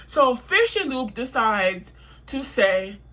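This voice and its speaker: A young woman tells a storytime vlog in a bright, sharp voice. She vents heatedly, swearing and repeating her points for emphasis. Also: fairly high pitch, sing-song, takes it slowly. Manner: heated, profane, repetitive venting.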